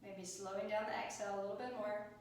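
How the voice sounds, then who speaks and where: A woman teaching a yoga class, calmly and encouragingly cueing each breath and movement. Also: mid-range voice, fast, slight background noise. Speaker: yoga instructor. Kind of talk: guided yoga class instruction. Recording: echoey room, mic at a distance.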